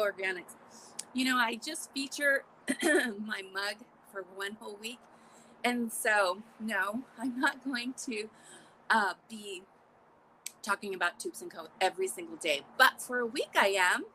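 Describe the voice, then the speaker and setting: A woman hosting a casual live morning chat, exclamatory and chatty, with a scratchy throat she keeps clearing. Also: mid-range voice, pushed and bright. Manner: chatty, exclamatory, frequent little laughs. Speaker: podcast host.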